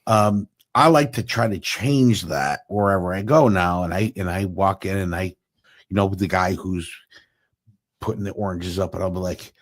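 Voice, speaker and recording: A man co-hosting a podcast, telling lively stories in casual chat, acting out quotes and laughing often. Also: low-pitched, normal speed. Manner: animated storyteller, acts out quotes, laughs often. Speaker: podcast co-host.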